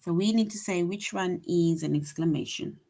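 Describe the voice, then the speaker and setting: A woman teaching an online grade-school lesson, patient and repetitive, often checking in with "right?" and acting out example sentences with sudden lively bursts. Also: fairly low pitch, moderate pace, gravelly.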